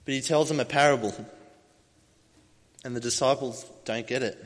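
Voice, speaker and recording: A man's voice: medium pitch, normal speed. Man preaching in a reverberant hall. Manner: storytelling, animated, acts out voices in the telling. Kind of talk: sermon.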